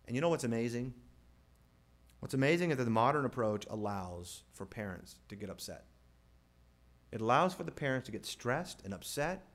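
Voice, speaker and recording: A man preaching a sermon in an animated way, asking the crowd rhetorical questions and quoting scripture. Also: medium pitch. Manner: animated, rhetorical questions, mimics family scenes. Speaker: pastor.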